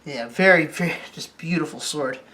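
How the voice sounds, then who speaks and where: A sharp-toned, mid-range voice belongs to a host who casually rambles through a sword review on camera. He frequently breaks off to restart his sentences and asks the operator questions, halting as he goes.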